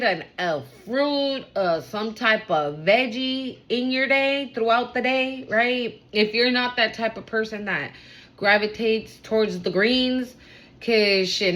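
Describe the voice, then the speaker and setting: A woman giving a casual spiritual reading to her viewers, talking fast and excitably with lots of slang and casual swearing. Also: a little high, low-quality recording.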